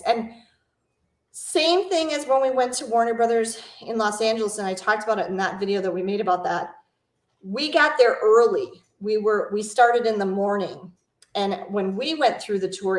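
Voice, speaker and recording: A middle-aged woman hosting a travel channel, chatting casually and telling rambling stories in a live Q&A. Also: medium pitch. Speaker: travel vlog host. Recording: echoey room.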